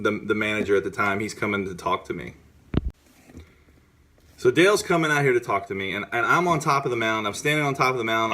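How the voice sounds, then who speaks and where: A man, a former pitcher, telling a story in a casual, excited way, often restarting and repeating words.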